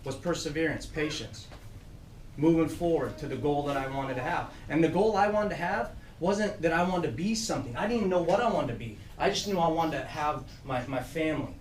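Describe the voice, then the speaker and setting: A middle-aged man giving a motivational talk to a group of youth trainees. He tells his own stories in an animated way and laughs through the funny parts. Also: a little high, fairly quick, distant mic, slight background noise. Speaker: program director speaking to youth trainees. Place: room with an audience. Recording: echoey room, voice from off-mic.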